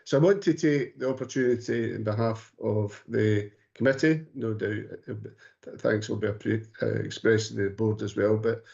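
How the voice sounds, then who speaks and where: A man chairing a formal committee meeting, halting speech full of fillers and restarts. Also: on the low side, steady tone, creaky, darkish tone. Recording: muffled meeting stream audio.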